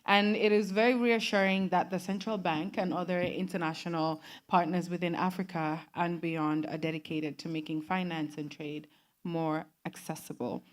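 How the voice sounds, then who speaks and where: A Gambian woman acting as host at a formal breakfast meeting. Her voice sits slightly low, and she speaks in a measured way, pausing on fillers between her remarks. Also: level tone. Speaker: event host. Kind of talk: formal event hosting. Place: conference room at a breakfast meeting.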